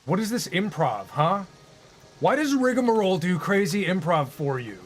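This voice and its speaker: A man's voice: high-pitched, very animated, moderate pace, slight background noise. A young man chatting casually on a live stream, joking and rambling as he goes.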